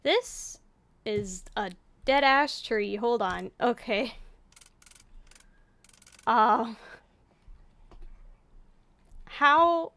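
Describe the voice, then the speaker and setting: A woman's voice: a little high, expressive, drawn-out words, pauses often, fairly bright tone, no room sound. A woman chatting casually to herself while playing a game, swearing offhandedly as she goes. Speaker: let's-play gamer. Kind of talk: casual gameplay commentary.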